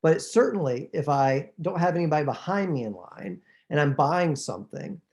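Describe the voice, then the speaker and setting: A man hosting a podcast, chatting in an enthusiastic, animated way. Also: a little high, normal speed. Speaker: podcast host. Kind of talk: conversational podcast chat.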